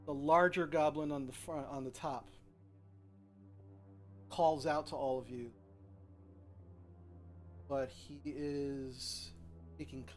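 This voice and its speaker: A man narrating a tabletop game as game master, describing the scene with hesitant pauses. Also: fairly high pitch, fairly even intonation, faint music behind. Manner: hesitant, lots of ums and restarts while describing the scene.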